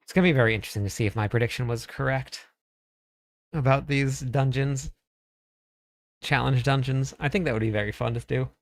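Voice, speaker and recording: A man's voice: medium pitch, fairly quick, pauses often, no room sound. A man streaming a game, chatting casually, thinking aloud and talking to his chat. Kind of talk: casual live-stream commentary.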